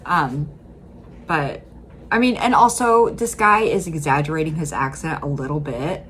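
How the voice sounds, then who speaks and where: Low-voiced Midwestern woman, chatty. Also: unhurried, fairly bright tone, a little hiss or hum. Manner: chatty, rambling, with frequent fillers. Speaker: reaction video host. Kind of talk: casual commentary.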